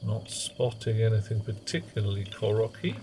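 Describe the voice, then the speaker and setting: A man's voice: on the low side, expressive, moderate pace, noisy background. A man giving casual, wry commentary while streaming a game, muttering self-mocking asides. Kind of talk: casual live gameplay commentary.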